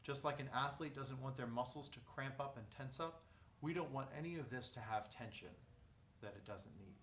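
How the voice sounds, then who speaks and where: Man, vocal teacher, calm instructive delivery, roomy echo, mic set back. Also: mid-range voice, moderate pace, slight background noise. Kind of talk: guided vocal lesson. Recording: echoey room, mic at a distance.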